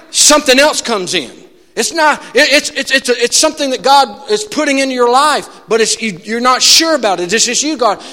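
A man preaching a sermon to a church, animated, shifting from loud exclamations to hushed asides. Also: sits high, in a large hall. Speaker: pastor.

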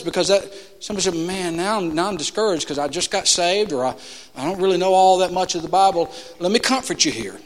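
A man preaching in a church with a high, ringing voice. He swings from loud, emphatic peaks to low, quiet stretches as he tells his stories. His voice carries a long reverb from the big hall. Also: quick pace. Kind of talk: sermon with storytelling. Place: church sanctuary.

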